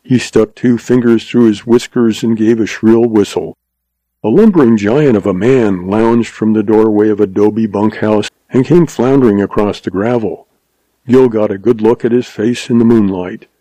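A man narrating a western audiobook in a steady storytelling voice. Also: lowish voice, moderate pace, no echo, rough recording.

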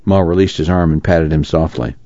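A man narrating a novel aloud for a radio reading service, steady and measured. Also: rumbling low, dry recording. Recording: dry, slightly muffled studio recording.

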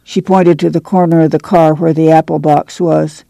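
Seorang wanita membacakan narasi buku audio dengan tempo terukur. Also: female voice, low-pitched, little pitch movement, moderate pace, creaky, hardly any pauses, mellow, no room sound. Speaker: audiobook narrator. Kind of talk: scripted narration.

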